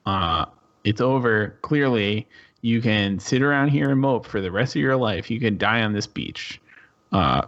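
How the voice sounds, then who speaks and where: A man puts on a gruff pirate woman who rattles her saber and bosses a moping friend around. She talks low and unhurried, blunt and scolding. The sound is a bit dull and lo-fi. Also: a bit bright. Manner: bossy, scolding. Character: tough female pirate captain with a saber, blunt.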